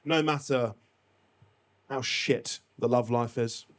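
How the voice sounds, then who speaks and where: A man performing a live stand-up comedy set, telling a story in an animated, chatty way and swinging his voice up and down for effect. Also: medium pitch, slow. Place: comedy venue stage.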